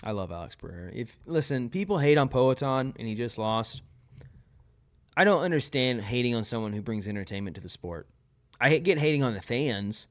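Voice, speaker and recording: A man's voice: medium pitch, animated, fairly quick. A young man giving blunt, opinionated verdicts in a casual commentary on his own channel. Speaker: tier list video host.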